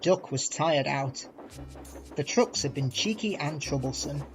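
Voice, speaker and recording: A man narrating a children's railway storybook in a measured, expressive reading. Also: fairly high pitch. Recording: dull lo-fi with faint music.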